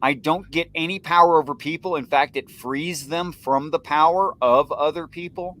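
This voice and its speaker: A man with a fairly high voice arguing earnestly on a livestream panel. He builds his points step by step and goes lively when he tells a story. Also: normal speed.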